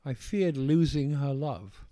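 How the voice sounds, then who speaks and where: Older English author, posh accent, warm low tone, halting and reflective, dry close mic. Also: male voice, expressive, dry recording. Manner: measured, hesitant, circles back with restarts. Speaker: author being interviewed. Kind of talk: reflective interview conversation.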